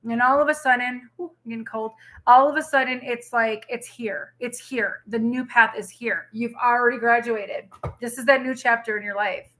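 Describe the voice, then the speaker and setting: Bright-voiced chatty woman reading tarot. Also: fairly high pitch, steady tone, moderate pace. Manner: chatty, rambling, emotional, lots of fillers. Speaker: tarot reader.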